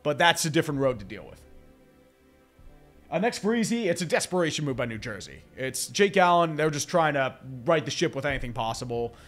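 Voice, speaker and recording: A man's voice: on the high side, sing-song, a little fast, a bit bright. Man streamer, stuffy nose, loose rambling live commentary, faint music under him. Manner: rambling, chatty, swears, laughs. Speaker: livestream host reading chat.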